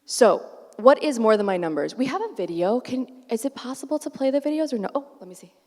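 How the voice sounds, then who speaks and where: A middle-aged woman giving a keynote talk at a conference, animated and acting out the voices she quotes. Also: fairly high pitch, quick pace. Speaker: keynote speaker. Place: large conference hall. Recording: echoey hall, far from mic.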